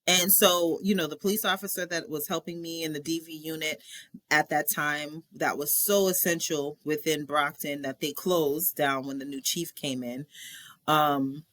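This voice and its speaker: A woman guest on a podcast, telling a personal story in animated conversation and acting out other people's words. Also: low-pitched, a little slow, no room sound. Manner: animated, acts out people's lines in a raised voice; frequent fillers and restarts.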